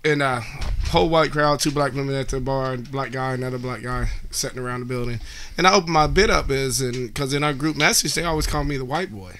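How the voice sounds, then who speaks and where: A man's voice: mid-range voice, fairly quick, a bit bright, a little hiss or hum. A man who does stand-up, trading wisecracks and telling a story from his set in casual podcast chat. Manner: wisecracking, short interjections. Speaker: podcast guest, stand-up comedian.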